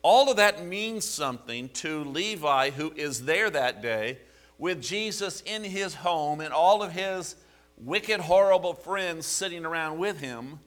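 A man preaching a sermon, animated, asking the congregation rhetorical questions. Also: fairly high pitch, a little slow. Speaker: pastor.

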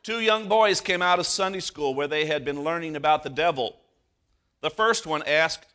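Bright-voiced preaching pastor. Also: male voice, a little high. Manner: earnest preaching that slows down for emphasis. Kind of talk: sermon.

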